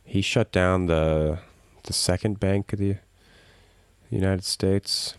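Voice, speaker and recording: A man co-hosts a casual podcast chat, sharing trivia in a dry, matter-of-fact way. His voice sits very low and stays flat in pitch. The recording is dry and close. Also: slow, clean tone, no echo. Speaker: podcast co-host.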